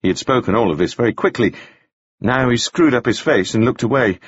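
A man narrating an audiobook with a very expressive delivery. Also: mid-range voice, fairly quick, breathy edge, dry recording. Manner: very expressive, wide-ranging delivery. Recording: dry, slightly dull audio.

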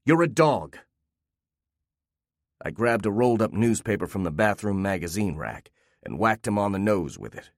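A man narrating a first-person story in a calm, wry way. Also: lowish voice, fairly quick, gravelly, dry recording, clean studio sound.

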